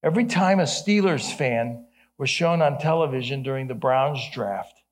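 A man's voice: mid-range voice, normal speed. A middle-aged man from Ohio, a pastor preaching an earnest sermon with humorous asides. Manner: earnest, then playfully animated with jokes.

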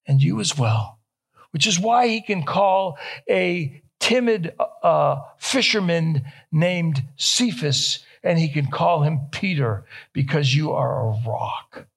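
A young male pastor delivers a sermon in a fairly high voice. He speaks slowly and deliberately, leaning on repeated phrases and lifting his voice with feeling when he reaches a question. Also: vocal fry, slightly rough. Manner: emphatic, repeating key phrases, rising to quoted questions.

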